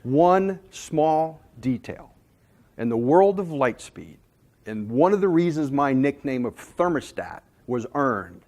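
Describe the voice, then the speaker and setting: A man giving a sales management talk, telling jokey stories in an animated, self-deprecating way to a room. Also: mid-range voice, slow. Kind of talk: storytelling presentation.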